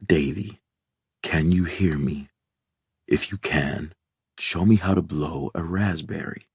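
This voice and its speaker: Reassuring middle-aged doctor, read by a male narrator, slow, deep, a bit husky. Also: animated, a little mellow, no echo, clean studio sound, heavily acted. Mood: soothing. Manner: slow, soothing, reassuring baritone.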